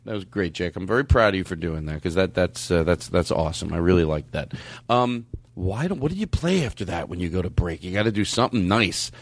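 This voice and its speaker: Rambling, animated male podcast host. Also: deep voice, fairly quick. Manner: effusive, rambling, restarts a lot. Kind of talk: casual podcast chat.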